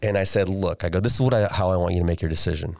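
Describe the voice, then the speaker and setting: A deep-voiced man in his forties tells a family story as a podcast guest. He talks casually, restarts sentences and repeats words as he goes. The sound is dry and close, with no room echo. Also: rapid-fire, gravelly. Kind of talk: casual interview chat.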